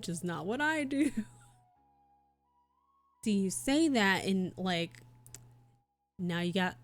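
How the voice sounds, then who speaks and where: A woman's voice: on the high side, no room sound. A woman streamer chatting casually and swearing freely while she does cross stitch and reads her chat. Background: soft background music.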